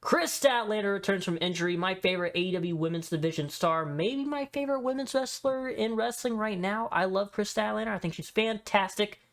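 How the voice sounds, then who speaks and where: A young man giving casual, excitable tier-list commentary, swearing freely and saying dude a lot. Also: sits high, fairly quick, hardly any pauses. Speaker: wrestling video host.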